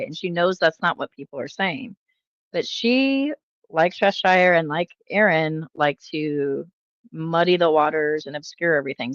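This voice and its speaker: A woman with a fairly low voice rambles through casual reaction commentary, exasperated and critical, peppering it with um and uh. The sound is dry and close, with a dull, lo-fi tone. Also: dry recording. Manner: rambling, frequent um and uh fillers. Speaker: commentary channel host.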